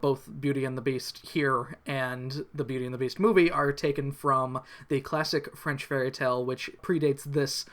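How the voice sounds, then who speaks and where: A man's voice: mid-range voice, fairly even intonation, normal speed, hardly any pauses, a bit bright. A male podcast co-host recaps an old cartoon in casual chat. He is wry and jokey, and he rambles off into side remarks and puns.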